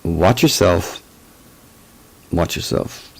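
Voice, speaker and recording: A man's voice: deep voice, lively intonation, drawn-out words, full character voice. A man doing a stern German-accented agent. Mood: warning. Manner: clear-spoken, articulate, confident. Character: stern authoritative male agent on a phone call.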